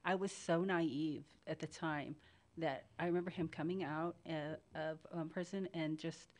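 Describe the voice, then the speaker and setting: A woman's voice: sits low, steady tone, normal speed. A woman co-host chatting casually, breaking in with her own memories and then apologizing. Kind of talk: casual chat.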